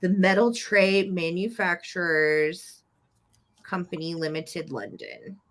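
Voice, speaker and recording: A woman's voice: fairly low pitch, slow pace, fairly bright tone. A woman hosting a live online vintage sale, chatty and upbeat as she describes each item. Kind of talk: live online sales chat.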